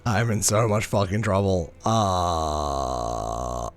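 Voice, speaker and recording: A man streaming live, chatting casually with viewers, ranting animatedly with plenty of swearing and quick apologies. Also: deep voice.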